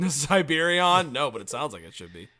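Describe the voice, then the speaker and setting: A man co-hosting a casual comedic podcast, playful and teasing, with quick jokes. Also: fairly low pitch, lively intonation, crowd noise. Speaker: podcast co-host.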